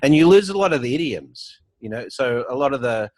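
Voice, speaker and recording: A middle-aged man with a softened Australian accent, telling stories as an interview guest, full of fillers and restarts. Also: medium pitch, expressive, fairly quick, no room sound. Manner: storytelling, with frequent fillers and restarts. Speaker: guest, banking entrepreneur. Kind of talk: casual conversational interview. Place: home office with artwork on the wall.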